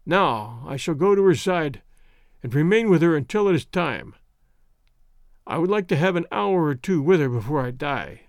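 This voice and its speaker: A man voicing a weak, dying Englishman who speaks slowly and formally in an audio story. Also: a little high, lively intonation, dry recording, clean studio sound. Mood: resigned.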